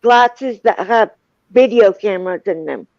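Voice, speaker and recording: A woman's voice: medium pitch, measured pace, darkish tone, no room sound, lo-fi sound. A woman guest on a livestream, easygoing and giving brief replies. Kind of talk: casual chat.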